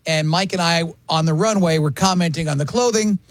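With a slightly high voice and a somewhat quick pace, this fifty-something radio host banters casually in the studio, joking with co-hosts and reading out listener comments amid frequent laughter. The recording is dry.

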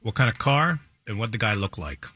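A man's voice: fairly low pitch, expressive, a little fast, pushed and bright, slightly rough. A man co-hosting a radio show, asking questions and reacting in casual banter. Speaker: radio co-host.

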